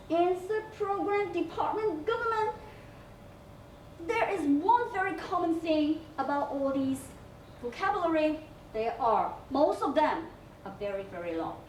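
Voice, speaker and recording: A woman teacher with a Hong Kong English accent, walking her students through a lesson. Her voice is high and sing-song, and she spells words out letter by letter. It was recorded in a school room from some distance off the mic, so the sound is echoey with a faint hiss. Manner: explains step by step, spells out letters, many fillers. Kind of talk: recorded class lesson on campus TV.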